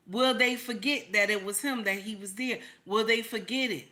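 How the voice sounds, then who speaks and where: Bright-voiced emphatic woman host. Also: medium pitch, normal speed, hardly any pauses. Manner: emphatic, repeats points, greets chat by name. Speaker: channel host. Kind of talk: casual commentary livestream.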